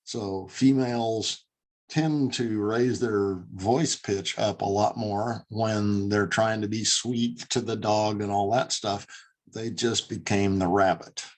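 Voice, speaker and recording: A man's voice: on the low side, fairly even intonation, takes it slowly. A man teaching an online class on dog handling, speaking emphatically over a video call. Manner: emphatic, demonstrates voice tones. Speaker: dog trainer and instructor.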